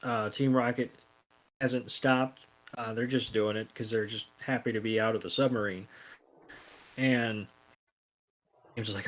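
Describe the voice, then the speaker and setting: A man's voice: mid-range voice, fairly even intonation, measured pace, pauses often, fairly bright tone, rough recording. A man co-hosting a podcast, recapping an episode in a laid-back way with many ums and some swearing. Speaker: podcast co-host. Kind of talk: casual recap chat.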